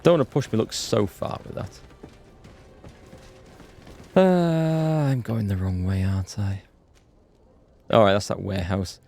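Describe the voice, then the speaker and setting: A man hosting a live game playthrough, chatty and excitable, greeting viewers in chat. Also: lowish voice, measured pace, gravelly, pauses often. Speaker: let's play host. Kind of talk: live gameplay commentary. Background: faint game music.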